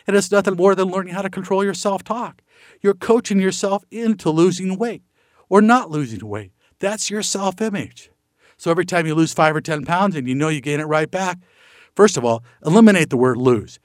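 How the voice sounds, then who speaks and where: A man's voice: sits high, animated, fairly quick, no echo, studio quality. A middle-aged man giving a motivational talk, folksy and full of rhetorical questions, acting out the voices in his stories. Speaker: motivational speaker.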